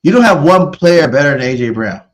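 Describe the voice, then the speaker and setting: A man's voice: on the high side, animated, fairly quick. A man co-hosting a casual sports debate, boasting about his team and insisting on it over and over. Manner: boastful, insistent fan banter. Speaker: sports podcast co-host.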